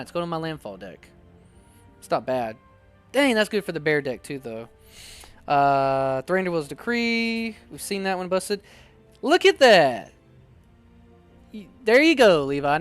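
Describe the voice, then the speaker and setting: An excitable man chats through a card-opening video, his high voice swinging up and down a lot. He sounds smooth and resonant, close and dry. Faint music plays underneath. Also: normal speed. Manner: chatty and excitable, reads card text aloud. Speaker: card-opening channel host. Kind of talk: casual unboxing chat.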